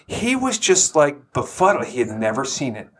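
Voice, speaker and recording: Lively husky-voiced man telling a story. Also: mid-range voice, moderate pace. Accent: Texan. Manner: animated, laughing storyteller. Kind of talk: casual storytelling chat.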